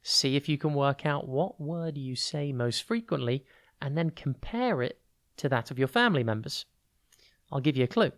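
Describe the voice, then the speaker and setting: Brief: podcast tutor, clear and deliberate, spells words and leans on stressed syllables, mid-pitched. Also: lively intonation. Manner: stretches key words to show stress. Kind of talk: podcast vocabulary lesson.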